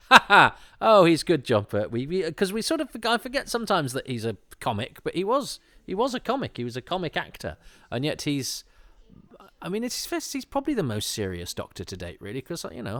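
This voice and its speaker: A man's voice: medium pitch, a bit bright, dry recording, clean studio sound. A man hosting a casual commentary while watching an episode, rambling and hesitant, with many fillers, restarts and wry chuckling asides. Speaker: podcast host.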